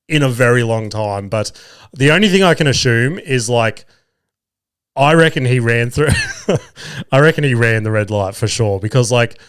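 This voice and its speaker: A man's voice: medium pitch, clear, resonant tone. Profane man telling stories. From Australia. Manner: profane, animated, mocking impressions of others. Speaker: podcast host. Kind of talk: casual storytelling monologue.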